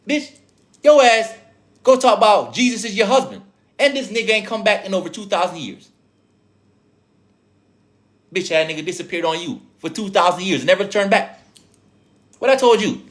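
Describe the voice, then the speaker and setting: A man with an accent preaching casually to viewers as a spiritual teacher, profane and streetwise, firing off rhetorical questions. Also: high voice. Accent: speaks with an accent.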